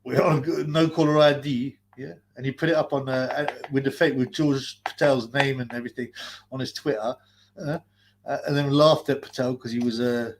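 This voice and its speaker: A man's voice: medium pitch, steady tone, normal speed, a little hiss or hum. A man ranting profanely on a live stream, mocking and laughing, his nose blocked so his breathing is heard. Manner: abusive, mocking, laughing, mimics callers.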